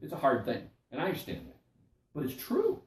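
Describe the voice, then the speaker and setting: An older pastor gives a folksy, chatty Bible study sermon, checking in with his listeners as he goes. His fairly high voice swings animatedly up and down, and he speaks fairly quickly. He sounds distant, in an echoey room.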